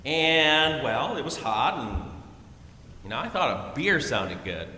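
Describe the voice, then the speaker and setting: A man, an Episcopal priest, preaching a sermon and telling a story in a lively, storytelling way with chuckles, in a large church. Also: medium pitch, takes it slowly, a little hiss or hum. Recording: echoey hall with long reverb.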